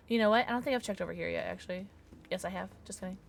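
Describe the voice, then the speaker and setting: A woman streamer giving excitable, chatty live gameplay commentary, often gasping and teasing playfully. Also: mid-range voice, rapid-fire, vocal fry, slight background noise. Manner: playful mock-polite teasing.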